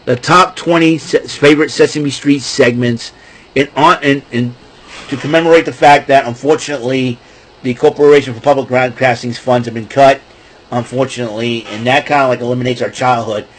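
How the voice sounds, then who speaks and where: A man's voice: medium pitch, fairly even intonation, brisk, low-quality recording. A middle-aged man hosting his own show, talking casually in a rambling way with many restarts. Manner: rambling, restarting, breaks into goofy voices and laughs. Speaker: podcast host. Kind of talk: casual solo talk.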